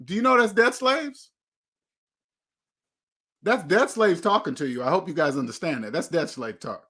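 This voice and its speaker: Guy with a high-pitched voice lecturing about money, preachy, keeps hammering the same line. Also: very animated, moderate pace, sharp tone, husky. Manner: preachy, emphatic, repeats himself. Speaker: host. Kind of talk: motivational money talk.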